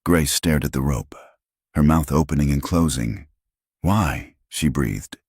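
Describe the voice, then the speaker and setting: Male narrator, very low voice, measured scripted storytelling, dry. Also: vocal fry, a little mellow, slightly rough, no room sound.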